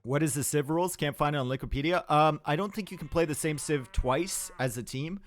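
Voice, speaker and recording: A man's voice: fairly high pitch, brisk, soft background music. A man with a Canadian accent giving upbeat, chatty live commentary on a strategy game match and answering his chat. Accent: Canadian English. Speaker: game caster.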